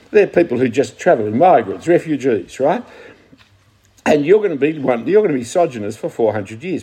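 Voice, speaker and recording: A man's voice: mid-range voice, lively intonation, fairly quick, dark tone, breathy edge. A man preaching a conversational sermon, teaching from scripture and asking his listeners questions.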